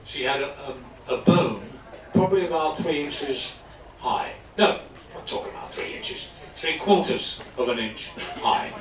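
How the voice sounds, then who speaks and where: An older man from London, an actor telling anecdotes on stage with animated delivery and frequent laughs. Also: fairly high pitch, unhurried. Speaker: guest actor. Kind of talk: live stage storytelling. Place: stage in a club hall before an audience. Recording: echoey hall, distant mic.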